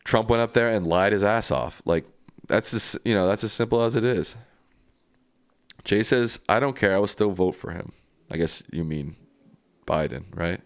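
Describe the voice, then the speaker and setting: Low-voiced man hosting a live stream. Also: moderate pace, pauses often, clean tone, no room sound, clean studio sound. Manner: casual, plainspoken replies to viewer comments. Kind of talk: live stream reading viewer chat.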